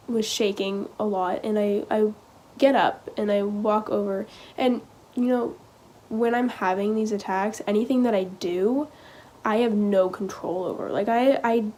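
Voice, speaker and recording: A teenage girl vlogging, telling a personal story in a halting, casual way full of "like" and "um.". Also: mid-range voice, a little mellow, a little hiss or hum. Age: teens. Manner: hesitant, halting, heavy use of "like" and "um".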